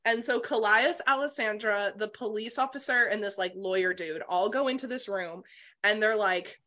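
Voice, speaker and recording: Young woman podcast cohost, bright punchy voice, chatty and sweary, laughs a lot. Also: medium pitch, normal speed. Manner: animated, profane, laughs often. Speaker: podcast co-host. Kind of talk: casual book discussion chat.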